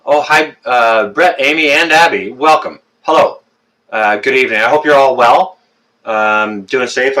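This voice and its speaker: Bright-voiced Canadian man in his fifties. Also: mid-range voice, normal speed. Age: 50s. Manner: joking, teasing, many fillers and restarts. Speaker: livestream host. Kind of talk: casual live-stream chat with viewers.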